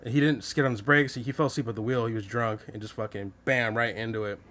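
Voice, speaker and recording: A man's voice: medium pitch, fast, background noise. Laid-back man hosting a podcast. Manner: relaxed storytelling with frequent profanity and fillers. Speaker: podcast host. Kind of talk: casual chat.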